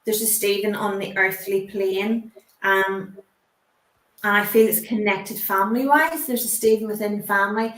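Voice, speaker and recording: A woman working as a psychic medium, giving a spiritual reading on a chat show in a halting way, often pausing on "um" and "I want to say". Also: mid-range voice, fairly even intonation, fairly bright tone, echoey room, low-quality recording.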